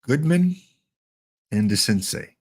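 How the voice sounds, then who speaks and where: A middle-aged man giving chatty, joking live-stream commentary while playing a baseball sim, excited and wired on coffee. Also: medium pitch, slow pace, husky. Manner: chatty, joking, talks to chat bots.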